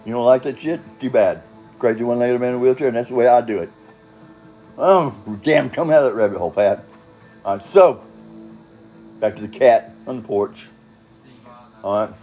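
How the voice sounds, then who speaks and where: A man's voice: medium pitch, moderate pace, long pauses, muffled recording, soft background music. An older man telling his own story in a rambling, casual monologue, blunt and profane, chuckling and drifting off on tangents.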